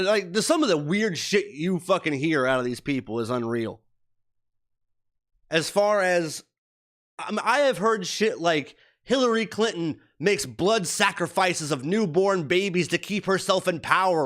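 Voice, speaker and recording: A man's voice: on the high side, lively intonation, normal speed, a bit bright. A man in his thirties rants on a live stream in a profane, heated, rambling way. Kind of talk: casual ranting live stream chat.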